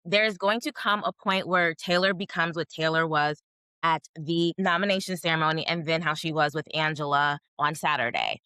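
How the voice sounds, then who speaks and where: A woman co-hosting a podcast, talking emphatically. Her voice is fairly low but bright and forceful, and the sound is dry and close. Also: normal speed, clear, resonant tone, no echo. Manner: emphatic, rising to pointed questions. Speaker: podcast co-host. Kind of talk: casual recap chat.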